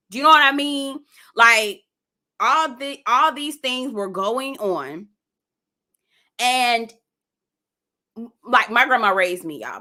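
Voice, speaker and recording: A young woman, hosting a casual live stream, animated and cussing freely as she reacts and reads comments aloud. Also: fairly high pitch.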